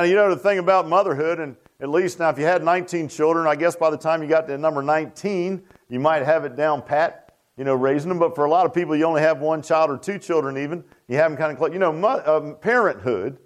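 A man's voice: on the high side, quick pace. A man preaching a sermon in a folksy, repetitive way that rises to emphatic bursts. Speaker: pastor.

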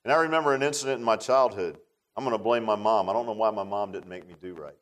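A man preaching a sermon and telling a childhood story, folksy, moving between loud and hushed. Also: on the low side, fast talker, rough recording.

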